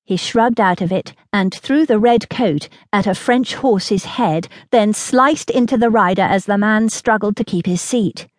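A woman narrating a historical romance audiobook in a steady, measured storytelling manner, recorded close in a studio. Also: mid-range voice, dry recording.

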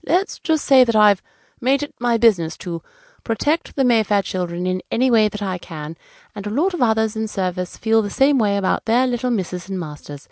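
A woman's voice: mid-range voice, animated, moderate pace, a little mellow, no room sound, studio quality, natural voice. Woman reader doing anxious older house servant, stammering, deferential, kids' audiobook. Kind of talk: children's audiobook narration.

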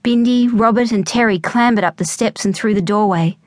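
A woman with an Australian accent reading a children's audiobook in a lively storytelling manner. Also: mid-range voice, fairly quick, dry recording, studio quality. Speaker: audiobook narrator. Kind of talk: scripted narration.

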